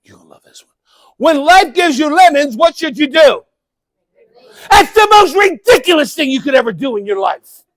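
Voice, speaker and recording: High-voiced, animated man giving a keynote. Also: normal speed, no echo. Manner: animated, calls out to the crowd, bursts into shouting. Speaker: motivational speaker. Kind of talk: live keynote speech to an audience. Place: conference event room.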